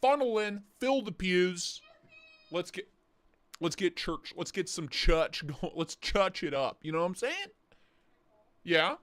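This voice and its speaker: A man's voice: high voice, measured pace, pauses often, a bit bright, no room sound. A man in his thirties hosting a livestream, chatting casually and rambling with jokes and swearing, sore in the neck and back. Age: 30s. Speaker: livestream host.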